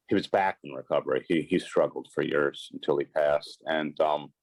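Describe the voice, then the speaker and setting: A man's voice: extremely low pitch, normal speed, creaky, darkish tone, no room sound, rough recording. A man, a podcast guest, earnestly telling a personal story in conversation, acting out quoted dialogue with emphasis. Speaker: podcast guest, sports and celebrity agent.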